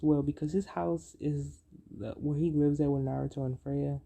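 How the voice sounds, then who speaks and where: A storyteller making up a fan-fiction tale as they go, halting, with many fillers and self-corrections. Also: medium pitch, steady tone, creaky, dark tone.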